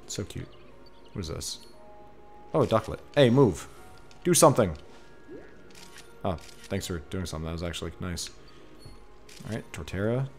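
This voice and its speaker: Gaming streamer, male, lowish voice, chatty and excitable, faint game music under him. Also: normal speed, creaky, long pauses. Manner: excitable, talks to the creatures on screen. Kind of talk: casual let's-play commentary.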